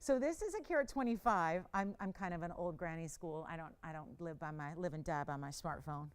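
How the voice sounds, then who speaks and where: A middle-aged woman hosting a live jewelry shopping show, giving a chatty, urgent sales pitch and bantering with her crew. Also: brisk, clean tone.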